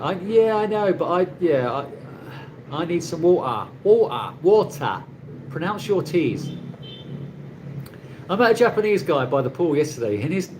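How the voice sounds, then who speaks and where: Broadcasting from his condo in the Philippines, a man from England hosts a loose, rambling live chat with viewers and laughs a lot. His voice sits high, and the background is noisy.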